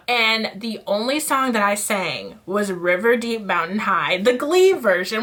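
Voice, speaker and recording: A young adult woman talking candidly in a casual storytime vlog, animated and full of fillers while she does her makeup. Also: medium pitch, normal speed, few pauses. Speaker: vlogger.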